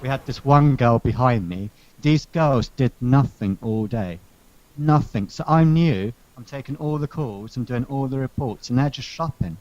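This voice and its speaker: A man telling a long workplace story in casual chat, animated and sarcastic, swearing now and then. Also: mid-range voice, moderate pace. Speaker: podcast co-host telling a story. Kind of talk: casual chat, venting anecdote. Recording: dull lo-fi sound.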